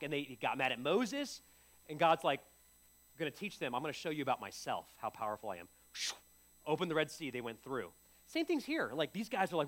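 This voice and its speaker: A man's voice: a little high, big pitch swings, normal speed, fairly bright tone. A middle-aged man preaching a sermon, telling the story vividly and acting out the voices of the people in it. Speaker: pastor.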